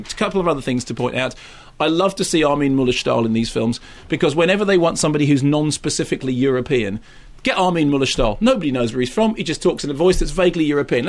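A man co-hosting a film review chat, animated and mocking as he rants about a film. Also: fairly high pitch, fast. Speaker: film critic co-host. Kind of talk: casual radio chat.

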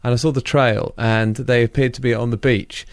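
A male radio host from Nottinghamshire runs through the film chart in a relaxed, conversational way. He reads out listener messages between the films. The studio sound is dry and close. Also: mid-range voice, moderate pace, no room sound. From Nottinghamshire, England. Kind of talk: radio show presenting.

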